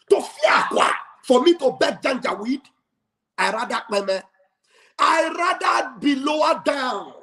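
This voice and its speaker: A man hosting a livestream, giving a fiery, preacher-like speech full of shouting and call and response. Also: very high voice. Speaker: livestream host. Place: home livestream studio.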